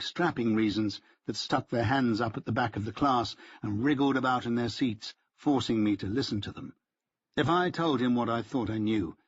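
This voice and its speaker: A man reading a first-person novel aloud as an audiobook narrator, in a dry, wry deadpan way. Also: mid-range voice, breathy edge. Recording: dull lo-fi dry audiobook recording.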